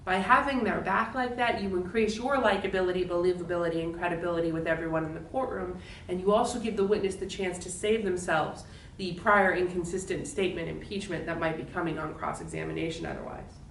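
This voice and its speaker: A woman giving a recorded lecture as a law instructor, explaining in a clear, steady way. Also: lowish voice, brisk, roomy sound, distant mic, a little hiss or hum, poor audio.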